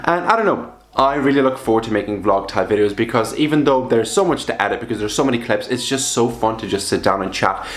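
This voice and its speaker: A man's voice: mid-range voice, expressive, fast, reverberant. A young man chatting casually to the camera at home, rambling and poking fun at himself. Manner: chatty, self-mocking, rambling. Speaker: vlogger. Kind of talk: casual vlog chat. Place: apartment at home.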